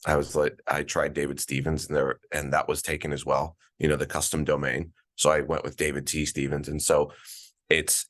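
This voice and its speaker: A man in his forties, a guest on an interview podcast, telling stories in a relaxed, casual way with plenty of fillers and restarts, calling in from a conference. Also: rumbling low. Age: 40s. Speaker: guest, events director. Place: at a conference, remote call.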